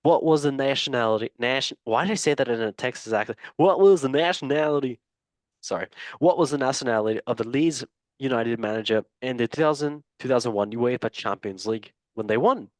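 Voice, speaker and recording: A man's voice: mid-range voice, quick pace, no echo. A man hosting a football quiz on a casual podcast, playful and jokey, swearing and laughing often. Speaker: quiz host.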